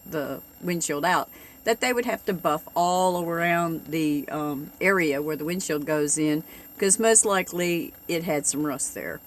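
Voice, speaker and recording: Slow-talking chatty woman. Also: on the low side, a little hiss or hum. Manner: chatty, exasperated, animated retelling with laughs. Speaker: vlogger. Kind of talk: casual storytelling vlog. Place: living in a bus, camping.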